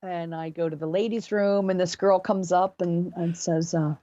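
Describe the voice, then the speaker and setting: A middle-aged woman from near Philadelphia, a singer telling gig stories as a podcast guest, animated and chatty with many restarts. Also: fairly low pitch, normal speed, no echo, muffled recording. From near Philadelphia, USA. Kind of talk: casual storytelling.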